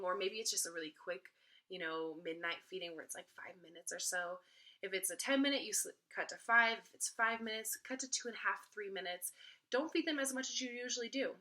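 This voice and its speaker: A woman's voice: mid-range voice, pushed and bright. A young woman giving parenting tips in a casual vlog, chatty and repetitive, leaning on "kind of" and "you know.". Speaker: mom vlogger.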